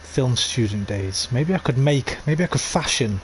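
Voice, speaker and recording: A man's voice: mid-range voice, animated, moderate pace, a little hiss or hum, poor audio. A man streaming a game on a headset mic, chatting casually and laughing at himself as he reads letters aloud. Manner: chatty, self-deprecating, laughs often. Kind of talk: casual gameplay commentary, reading letters aloud.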